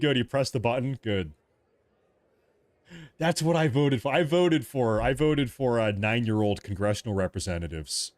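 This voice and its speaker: A man who hosts the stream speaks at a middle pitch in live commentary, pressing every point again and again with a joking grumpy edge. He is recorded dry and close, with almost no room sound. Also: moderate pace, dry recording. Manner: emphatic and repetitive, jokingly irritable. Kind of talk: live-stream political commentary, reading chat.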